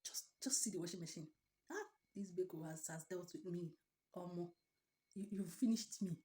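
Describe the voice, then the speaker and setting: A Nigerian woman with a Nigerian accent rants dramatically in a home vlog, repeating herself as she stands indoors by the washing machine. Her voice is fairly low and warm at a normal speed, recorded in an echoey room with the mic far off.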